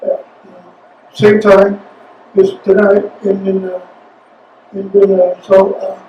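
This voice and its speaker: A fairly high-voiced man from China reads his poems aloud and talks between them, pausing often and hesitating as he goes. The mic sits some distance away in an echoey room, and a faint hum sits underneath. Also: monotone, highs cut off. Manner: halting, many hesitations between phrases. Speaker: featured poet. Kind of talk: poetry reading with spoken asides. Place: reading venue. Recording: roomy sound from a distant mic, faint noise.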